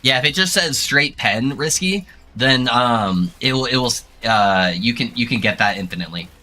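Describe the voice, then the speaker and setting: A man's voice: mid-range voice, normal speed, soft background music. A young man streaming a game, chatting casually and loosely with his viewers, with a soothing narrator-like voice and a frequent easy laugh. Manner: relaxed, rambling, laughs often. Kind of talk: casual gaming stream chat.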